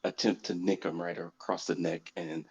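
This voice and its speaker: Deep gravelly male player, dull mic. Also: little pitch movement, normal speed, darkish tone. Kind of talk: casual tabletop play.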